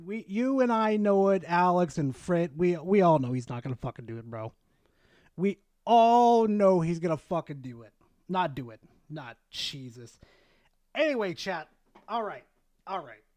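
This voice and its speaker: A streamer telling a story to chat in a casual, animated way, swearing a lot. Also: medium pitch, normal speed, no echo.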